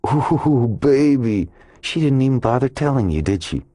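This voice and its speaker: A man's voice: extremely low pitch, expressive, moderate pace, darkish tone, husky, dry recording, exaggerated voice. A male audiobook narrator voicing a bullying male police detective who taunts and mocks in a sneering way. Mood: taunting. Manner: sneering and mocking.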